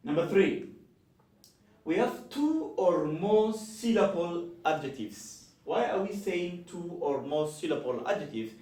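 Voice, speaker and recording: A man teaching an English grammar lesson, slowly spelling out words and repeating each form. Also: sits high, expressive, warm tone, far from the mic. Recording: echoey room, from the mic.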